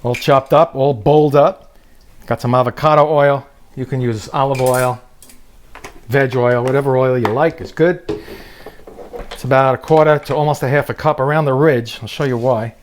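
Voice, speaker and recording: A man's voice: medium pitch, fairly even intonation, moderate pace, a little hiss or hum. A man hosting a comedic cooking demonstration in a kitchen, joking and teasing his viewers as he goes. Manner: wisecracking, teasing asides to viewers. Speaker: cooking show host.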